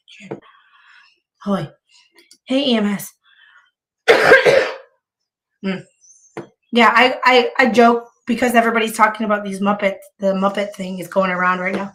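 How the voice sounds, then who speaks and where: Her voice is medium-pitched and fairly bright, with fairly even intonation, a moderate pace and long pauses. Hoarse with bronchitis and heavy with vocal fry, the streamer rambles casually to viewers, often restarting.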